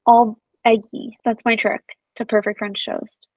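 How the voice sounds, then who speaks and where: A woman's voice: on the high side, a little slow, dry recording, dull audio. A young woman co-hosting a podcast, chatting casually and acting out quotes as she tells stories. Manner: animated storyteller who acts out quotes. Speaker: podcast co-host. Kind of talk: casual chat.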